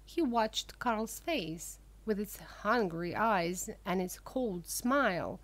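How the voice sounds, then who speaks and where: A woman narrating a graded-reader audiobook in a slow, clear reading voice. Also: mid-range voice, sing-song.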